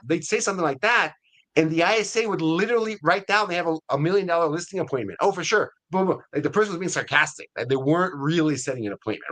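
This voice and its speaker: Here a man with a fairly high, slightly bright voice is interviewed on a webinar as the CEO of an ISA staffing firm. His manner is chatty and explanatory, and he often tosses in "right?" or "okay?" to check on the listener.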